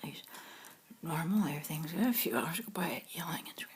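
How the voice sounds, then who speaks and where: A middle-aged woman telling a family story in a soft, half-whispered voice that keeps breaking into laughter. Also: low-pitched, expressive, fairly quick, husky.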